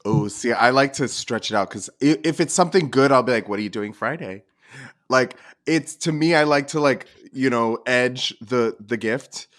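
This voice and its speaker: A man's voice: mid-range voice, moderate pace, hardly any pauses. A man co-hosting a podcast in casual chat, acting out bits of dialogue as he talks. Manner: animated, acts out quoted dialogue. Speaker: podcast co-host.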